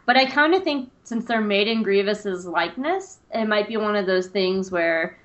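A woman co-hosts a podcast in easy, casual chat, gushing with enthusiasm. Her voice sits at an ordinary pitch, with a slightly dull, muffled recording. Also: lively intonation, normal speed, fairly bright tone. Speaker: podcast co-host.

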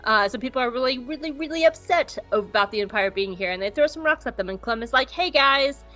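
A woman co-hosting a podcast who recaps an episode in a casual, profane, jokey way and acts out scenes in quick voices. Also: on the high side, animated, fairly bright tone, muffled recording, soft background music. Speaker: podcast co-host.

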